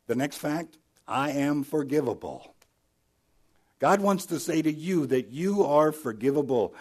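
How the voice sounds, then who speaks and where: Dynamic preacher man, loud then hushed. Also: mid-range voice. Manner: storytelling, dynamic, swings from loud emphasis to soft hushed lines. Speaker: pastor. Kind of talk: sermon.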